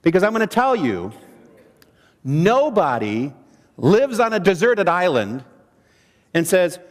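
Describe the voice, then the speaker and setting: Lively high-voiced male seminar presenter. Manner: animated, questioning the audience, dramatic pauses. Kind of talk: training seminar talk to an audience. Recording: long hall reverb.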